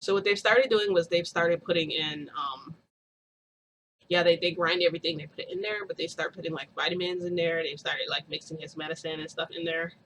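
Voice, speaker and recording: Woman vlogger, casual storytelling, bright and forceful tone, rambly with fillers, faint noise underneath. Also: lowish voice, steady tone, brisk, low-quality recording. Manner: rambling, laughs often, many fillers.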